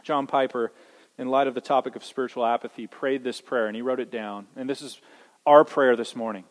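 A man preaching a sermon as pastor, earnest and emphatic, with dramatic pauses. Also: mid-range voice. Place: church hall. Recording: long hall reverb.

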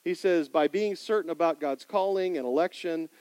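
Animated man preaching, somewhat high voice. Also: normal speed, clean tone, no echo, poor audio. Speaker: pastor. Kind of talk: sermon.

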